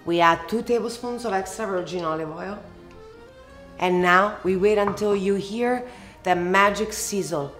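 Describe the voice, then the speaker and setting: A woman from Italy with an Italian accent, hosting a casual cooking tutorial and answering questions in an expressive, emphatic way. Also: medium pitch, a little slow, faint music behind. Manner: expressive and emphatic, lingers on words. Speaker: cooking show host.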